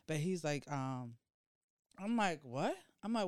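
A young man co-hosting a casual podcast, telling a story with animated, acted-out quotes. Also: measured pace, long pauses, smooth, no echo, clean studio sound. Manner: animated storyteller, acts out quotes with big pitch jumps. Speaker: podcast co-host.

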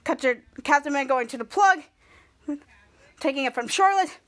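A woman's voice: high-pitched, expressive, moderate pace, fairly bright tone. A woman podcast host narrating a TV episode recap in breathless play-by-play, quoting characters' lines.

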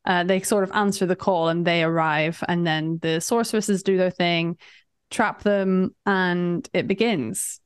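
A woman's voice: fairly low pitch, fairly even intonation, measured pace, clean tone, dry recording, studio quality. A woman co-hosting a podcast, recapping a game in casual, chatty talk, often laughing. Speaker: podcast co-host.

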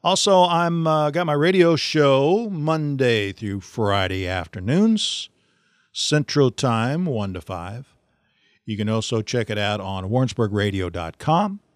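A middle-aged man hosting a podcast, telling a funny story in a casual, animated way and laughing often. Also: mid-range voice, slow pace, no echo, clean studio sound. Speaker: podcast host.

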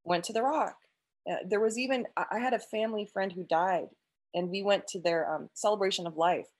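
A woman's voice: mid-range voice, brisk. A woman sharing an emotional personal faith testimony, earnest, with frequent restarts and quoted prayers.

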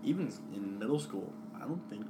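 A man co-hosting a casual podcast, trading crude, excitable banter. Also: fairly low pitch, a little fast, background noise. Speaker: podcast co-host. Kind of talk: casual chat.

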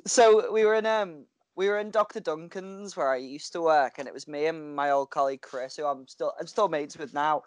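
A chatty woman co-hosting a casual talk over a video call. She tells stories with lively energy and laughs often. The sound is dry and close. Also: low-pitched, normal speed, hardly any pauses, dry recording. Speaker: podcast co-host. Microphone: headphones and mic on a video call.

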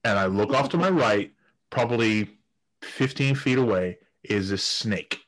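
In a casual podcast chat, a guest storyteller with a fairly low, unhurried voice tells crude stories. He laughs often and keeps restarting his sentences.

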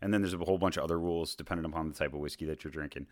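A man's voice: rumbling low, fairly even intonation, very fast, a little mellow, no echo, clean studio sound. A man from the United States hosting a casual whiskey tasting chat, explaining at length with many fillers and restarts.

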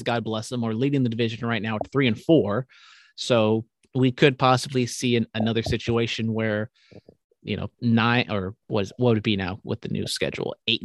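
A young man talks through football picks on a casual podcast, rambling and dropping swear words. His voice sits at an ordinary pitch. The sound is dry and close, with no room around it. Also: no echo. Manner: rambling, profane, quick asides. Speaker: podcast host. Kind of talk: casual sports chat.

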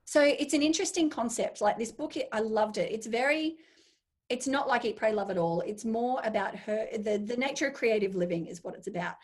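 Husky-voiced woman chatting enthusiastically. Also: on the high side. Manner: enthusiastic, acts out her own inner voice in quick asides. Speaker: guest. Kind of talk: casual interview chat.

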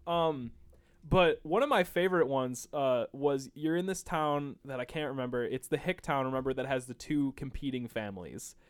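A man in casual chat about a video game, animated and quick to laugh, swearing casually as he tells the story. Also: medium pitch, clean tone.

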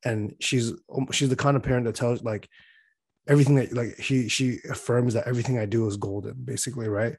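A man's voice: medium pitch, fairly even intonation, a little fast, darkish tone, slightly rough, no echo. A young man talking in a loose, rambling way, full of fillers, laughing as he tells stories. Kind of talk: casual chat.

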